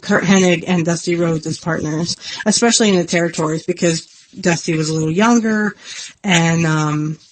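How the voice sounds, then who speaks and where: A woman's voice: lowish voice, normal speed, slight background noise. A woman hosting her own podcast in an earnest, rambling, self-deprecating casual chat. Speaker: podcast host.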